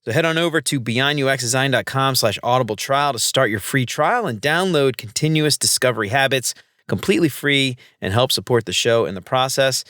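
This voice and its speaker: A man's voice: medium pitch, a little fast, fairly bright tone, no echo. Brief: male podcast host, easygoing and slangy, dry close mic. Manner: upbeat, laid-back, slangy. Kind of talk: casual podcast chat.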